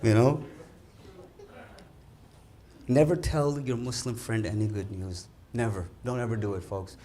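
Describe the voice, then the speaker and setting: A man telling stand-up jokes at a community dinner, acting out characters in animated quoted voices. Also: mid-range voice, unhurried. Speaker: comedian at a dinner. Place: event hall with a live audience.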